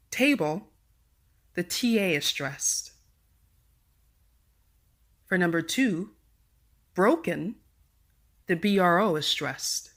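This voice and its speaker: A woman hosting a podcast and teaching English pronunciation, speaking in a deliberate, carefully enunciated way. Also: fairly low pitch, a bit bright. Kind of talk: slow, clearly articulated pronunciation lesson.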